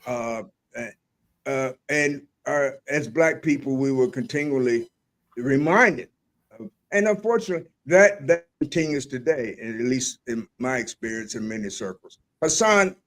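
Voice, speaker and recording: A man's voice: mid-range voice, animated, normal speed, a bit bright. Hesitant older man hosting a chat. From Eastern Shore. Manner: hesitant, many restarts. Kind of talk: casual discussion.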